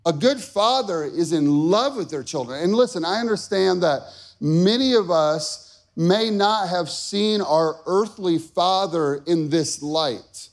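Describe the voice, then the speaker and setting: Emotional preaching man, bright voice. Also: high-pitched, expressive, takes it slowly. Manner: emotional storytelling, rising to loud shouting at peaks. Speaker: pastor. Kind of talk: sermon with personal story.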